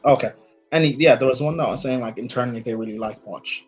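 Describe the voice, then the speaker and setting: A man's voice: mid-range voice, quick pace, soft background music, poor audio. A man co-hosting a football live stream in casual chat, hesitant, with lots of fillers and restarts. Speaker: football podcast co-host.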